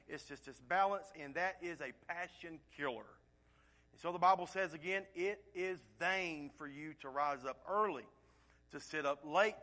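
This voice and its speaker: A man preaching a sermon, moving between loud emphatic points and quiet, hushed asides. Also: on the high side. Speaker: pastor.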